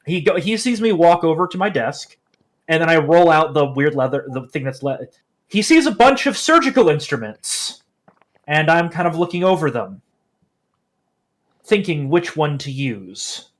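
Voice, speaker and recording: A man's voice: on the high side, lively intonation, normal speed. A man playing a tabletop game, describing his character's actions with hesitant restarts. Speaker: player.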